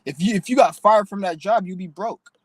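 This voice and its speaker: A man's voice: high-pitched, fairly quick, dry recording, poor audio. A young man hosting his own channel, ranting bluntly and profanely in a preachy, emotional way. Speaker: channel host. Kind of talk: casual vlog rant.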